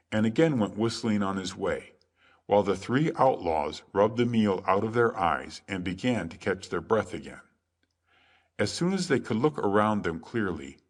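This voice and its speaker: A man reading a classic adventure tale aloud as calm, measured sleep story narration. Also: fairly low pitch. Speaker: audiobook narrator.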